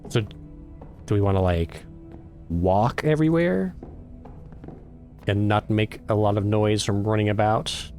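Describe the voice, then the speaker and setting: A man's voice: lowish voice, takes it slowly, long pauses, warm tone, soft background music. A man hosting a casual let's play, chatting and reading the game's text aloud. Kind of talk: casual gameplay commentary.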